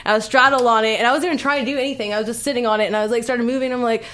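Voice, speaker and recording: A woman's voice: on the high side, fairly even intonation, rapid-fire, a bit bright. A young woman, a guest on a talk show, chatting casually with lots of giggles and fillers. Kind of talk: casual chat.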